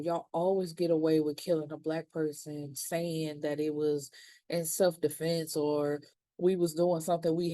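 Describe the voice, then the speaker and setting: A woman recaps a TV episode in a relaxed, slangy way and acts out the characters' lines as she goes. Her voice sits fairly low and sounds warm and mellow. The recording is dry and close, with no room sound. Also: dry recording. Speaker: TV series reviewer.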